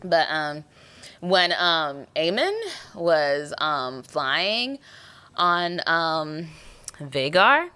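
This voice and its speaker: A young woman hosts a podcast in loose, slangy talk, getting emotional as she recaps. Her voice sits a bit low but swings widely up and down, very animated. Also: drawn-out words, smooth. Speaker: podcast host. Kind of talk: casual TV episode recap.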